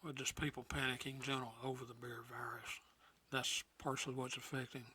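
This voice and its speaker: A man's voice: mid-range voice, little pitch movement, fairly quick, bright, forceful tone, slight background noise. A man in his sixties, the host's father, talking in a folksy, plainspoken way as guest co-host on a casual show. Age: 60s. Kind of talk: casual chat.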